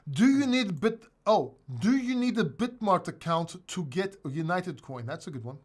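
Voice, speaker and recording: Animated, higher-voiced male host. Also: normal speed. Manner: animated, emphatic, blunt, swears. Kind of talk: casual livestream chat.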